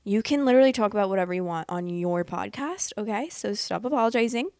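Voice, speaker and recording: A young woman in her late twenties, talking fast and loose as a podcast host. She is candid and excitable, swears without a second thought, and reads posts aloud between her own reactions. Her voice sits at a middle pitch and sounds dry and close, with no room around it. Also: dry recording. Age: late 20s. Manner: candid, excitable, swears freely, laughs often. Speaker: podcast host reading Reddit stories. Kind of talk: casual chat and reading posts aloud.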